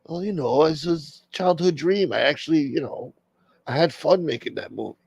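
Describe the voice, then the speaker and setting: Brief: man doing a grumpy, defensive film star, gravelly, dry close sound. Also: fairly high pitch, normal speed, a little mellow, dry recording, voice pushed up. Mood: grumbling, defensive. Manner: defensive, grumbling. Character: grumpy, sulky middle-aged male movie star. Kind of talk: comedic impression in a rant.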